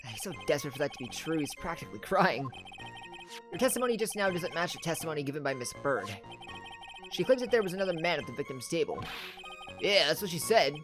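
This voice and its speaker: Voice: medium pitch, big pitch swings, fairly quick, music in the background. Chatty game player reading and commenting. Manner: self-deprecating, chatty. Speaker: game streamer. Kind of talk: casual playthrough commentary and reading.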